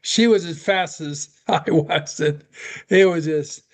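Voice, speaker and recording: A man's voice: fairly high pitch, steady tone, takes it slowly. An older man chatting casually in an online class, rambling and trailing off mid-sentence. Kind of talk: casual chat.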